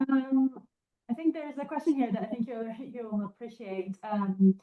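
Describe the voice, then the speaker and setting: A woman's voice: fairly high pitch, steady tone, normal speed, narrow, tinny audio. A woman moderating a webinar, reading audience questions aloud to the guest. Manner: reads questions out with soft fillers.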